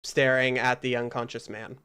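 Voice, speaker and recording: A man narrating as game master of a tabletop role-playing game, relaxed and halting with fillers. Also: mid-range voice, clean tone.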